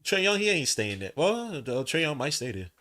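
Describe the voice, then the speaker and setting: A man hosting a live basketball watch-along stream, talking casually in slang, swinging between loud outbursts and low muttering. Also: sing-song, moderate pace. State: tired, yawning. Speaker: podcast host doing a live watch-along. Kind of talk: casual live game commentary. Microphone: streaming setup mic.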